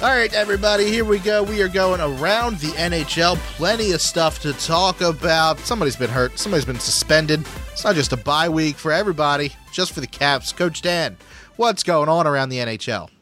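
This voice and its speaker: A man's voice: on the high side, a little fast, music in the background. A man co-hosting a casual hockey podcast, upbeat and chatty with lots of fillers. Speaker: podcast co-host.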